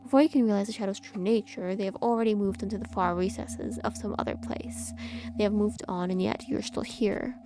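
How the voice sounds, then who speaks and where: A woman reading aloud a horror visual novel with measured, eerie narration. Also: medium pitch, noisy background. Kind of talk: dramatic game narration.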